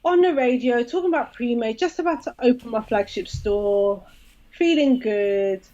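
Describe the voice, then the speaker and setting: A woman's voice: fairly high pitch, normal speed, muffled recording. A woman, a podcast guest telling a story in casual chat and acting out the quoted dialogue. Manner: lively, acts out quoted dialogue.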